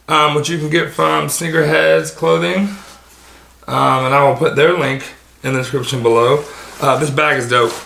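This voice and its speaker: A man's voice: fairly high pitch, vocal fry, bright, forceful tone, roomy sound, slight background noise. A man casually showing off his sneaker collection, rambling and dropping lots of filler ums. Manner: casual, swears offhand. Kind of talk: casual show-and-tell.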